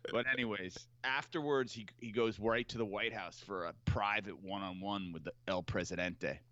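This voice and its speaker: A man's voice: on the low side, moderate pace, a bit bright, dry recording, muffled recording. A man co-hosting a trading show in casual chat, wry and teasing as he talks markets. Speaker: co-host of options trading show.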